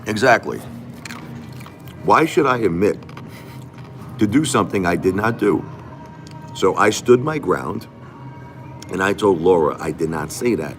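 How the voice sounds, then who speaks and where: An aggrieved man talks straight to his live-stream viewers in a casual monologue. He repeats himself and keeps asking them rhetorical questions. His voice sits fairly low, and faint music plays behind him. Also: expressive, measured pace, long pauses.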